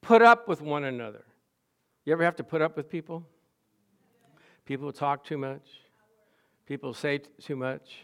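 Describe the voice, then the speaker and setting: High-voiced man preaching with humor. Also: normal speed, long pauses, a bit bright, clean tone. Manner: humorous, storytelling, self-deprecating. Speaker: pastor. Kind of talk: sermon.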